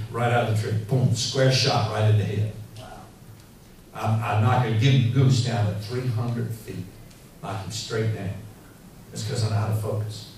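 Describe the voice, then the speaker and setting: A man preaching a sermon in a church, telling stories in an animated, rambling way full of fillers. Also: mid-range voice. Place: church hall. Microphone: handheld mic. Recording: echoey hall, mic heard from far off, faint noise.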